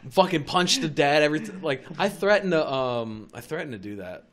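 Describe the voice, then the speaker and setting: Profane, animated young man storytelling. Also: a little high, fairly quick. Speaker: podcast host. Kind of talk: casual podcast chat.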